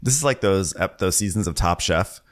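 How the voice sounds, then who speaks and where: Lively low-voiced man recapping a show. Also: moderate pace. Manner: animated, jokey, acts out quotes in big voices. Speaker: podcast co-host. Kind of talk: casual recap chat.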